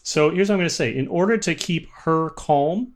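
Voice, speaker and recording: A man running a tabletop game as game master, narrating events with hesitant pauses and filler words. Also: on the high side, slight background noise. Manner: hesitant, lots of ums and uhs.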